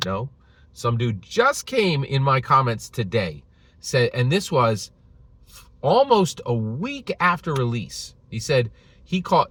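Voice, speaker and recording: A man's voice: medium pitch, big pitch swings, measured pace, a bit bright, low-quality recording. Emphatic ranting male game reviewer. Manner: emphatic, repetitive, keeps asking "right?". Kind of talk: opinionated video rant.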